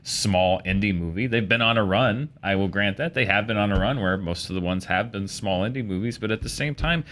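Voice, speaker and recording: A man's voice: on the low side, brisk, few pauses, a bit bright. A man co-hosting a casual entertainment panel chat, opinionated and chatty, often restarting his sentences. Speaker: panel co-host.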